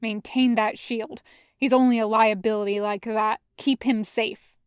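A woman's voice: on the high side, steady tone, measured pace, clean tone, no echo, close to an everyday voice. A woman reading a podfic, voicing an irritable man who barks curt commands. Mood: commanding. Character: harsh, irritable man, snapping orders.

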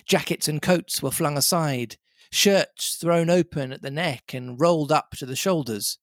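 A man from the UK, reading an adventure novel aloud in a measured storytelling way. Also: on the high side, no room sound, studio quality. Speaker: reader and podcast host.

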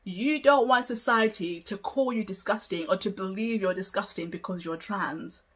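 A woman's voice: medium pitch, moderate pace, husky. A woman hosting a solo podcast, making an emphatic, argumentative case with many rhetorical questions and laughing between points. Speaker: podcast host.

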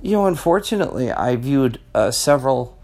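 A man's voice: medium pitch, very animated, brisk, darkish tone. A middle-aged man talking off the cuff as a vlogger, rambling and conversational, with emphatic rhetorical questions and a habit of tacking "okay?" onto his points. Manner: rambling and conversational, peppers talk with "okay?" and "you know". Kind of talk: casual off-the-cuff monologue.

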